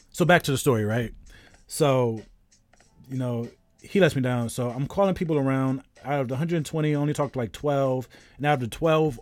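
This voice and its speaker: A man's voice: mid-range voice, darkish tone, dry recording. A man around thirty, a game streamer in casual live-stream chat, telling a rambling story while greeting viewers.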